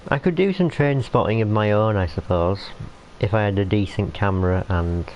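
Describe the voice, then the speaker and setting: A man's voice: fairly low pitch, normal speed, darkish tone. A young man rambling in casual chat while streaming a train game, talking to the characters on screen. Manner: rambling, chatty, talks to the game. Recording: muffled lo-fi, faint hiss.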